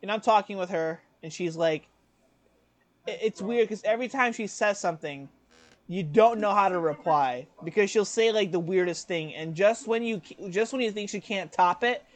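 Young man telling a story, animated. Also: sits high, normal speed. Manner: animated, acts out quoted voices, laughs often. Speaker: podcast co-host. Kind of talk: casual storytelling chat.

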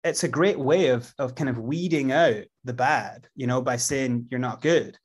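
A man's voice: medium pitch, normal speed, husky. A Scottish man in his thirties talking as a guest on an interview show. He tells his stories in a loose, rambling way, with plenty of fillers and restarts. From Scotland. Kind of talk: casual storytelling interview.

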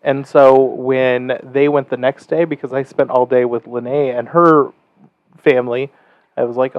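A man's voice: mid-range voice, fairly even intonation, a little slow, no room sound. Easygoing man on a dull, dry mic. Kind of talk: casual chat.

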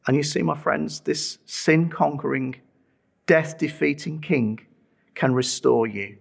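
A man's voice: on the high side, measured pace, gravelly. A middle-aged man preaching a sermon, telling a personal testimony with earnest feeling and pleading with listeners to respond.

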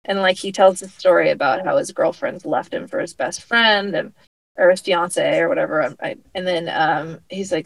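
A woman casually recapping a TV episode with a friend, retelling scenes with quick acted-out quotes and laughter. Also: fairly low pitch, fairly even intonation, vocal fry, no room sound, low-quality recording. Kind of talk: casual chat recapping a TV show.

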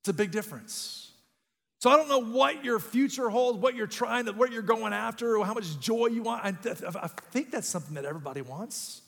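A man's voice: very high-pitched, a little fast, vocal fry. A man in his thirties preaching a sermon as a pastor, telling a funny personal story with lots of energy. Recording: long reverb in a large room.

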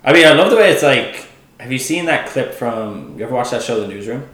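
Bright-voiced Irish man in his twenties. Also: mid-range voice, expressive, a little fast, echoey room. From Ireland. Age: 20s. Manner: laid-back, swearing, lots of "like" fillers. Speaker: guest. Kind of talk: casual podcast chat.

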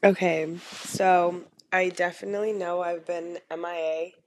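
A young woman talks her way through a solo podcast, hoarse and a bit worn from having lost her voice. She rambles loosely, stacking fillers and dropping casual swears. The sound is close and dry, with no room around it. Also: lowish voice, steady tone, a little slow, darkish tone, no echo. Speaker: podcast host. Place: in bed at home.

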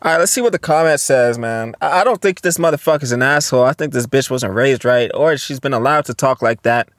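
A man's voice: mid-range voice, brisk, no room sound, studio quality. A young man in his twenties hosting a solo podcast, reading posts aloud and reacting bluntly with lots of profanity. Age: 20s. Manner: profane, blunt, reacts loudly to what he reads. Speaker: podcast host.

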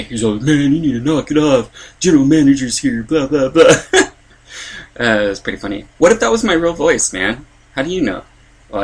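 Bright-voiced young man rambling casually. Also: lowish voice. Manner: rambling, many fillers, self-deprecating. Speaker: stand-up comedian and podcast host. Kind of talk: casual podcast monologue.

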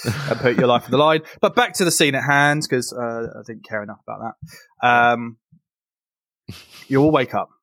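Halting man running a tabletop game. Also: medium pitch, a bit bright. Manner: loose, halting narration with fillers. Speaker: game master.

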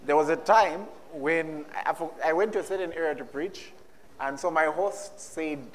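A man's voice: fairly high pitch, normal speed. A man preaching a sermon, reading scripture dramatically and slipping in humorous asides. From Zambia. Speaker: pastor.

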